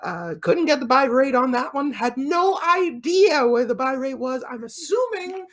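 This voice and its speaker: High-voiced playful man co-hosting a podcast. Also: expressive, normal speed, fairly bright tone. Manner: playful, theatrical, swears freely. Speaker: podcast co-host. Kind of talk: casual wrestling review chat.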